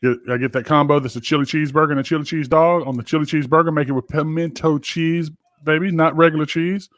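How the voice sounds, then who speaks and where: Recorded in a clean studio without echo, this Georgia-born podcast co-host has a slightly high, fairly bright voice and talks quickly in a steady tone. His story comes out in casual, rambling fashion, laced with profanity and lots of filler words.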